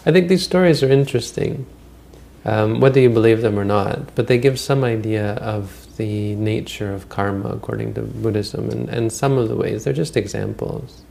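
A man's voice: on the low side, moderate pace, gravelly, dark tone, slight background noise. A man giving a Buddhist dharma talk, retelling old stories in a rambling, conversational way with frequent restarts. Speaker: Buddhist teacher.

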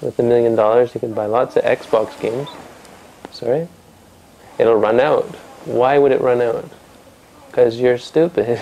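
A man tells a traditional story to a family audience, speaking conversationally and often turning to ask his listeners questions. His voice is gravelly and mellow, with a darker tone. He often restarts his sentences as he talks. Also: medium pitch, steady tone, measured pace, slight background noise, low-quality recording.

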